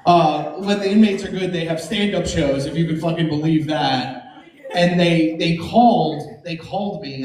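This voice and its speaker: High-voiced man doing stand-up. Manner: animated, jumps into high silly voices for bits. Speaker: stand-up comedian. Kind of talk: stand-up set. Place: comedy club stage. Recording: echoey club from a distance with crowd laughter. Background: audience laughing.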